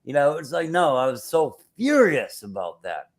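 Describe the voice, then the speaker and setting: A man's voice: a little high, huge pitch swings, normal speed. A man in casual chat, talking earnestly and repeating himself with fillers.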